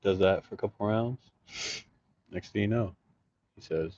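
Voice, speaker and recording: A man's voice: fairly low pitch, normal speed, pauses often, mellow, lo-fi sound. A man vlogging casually outdoors, telling a rambling, profane story and often restarting his sentences. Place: outdoors in an urban jungle, sleeping rough.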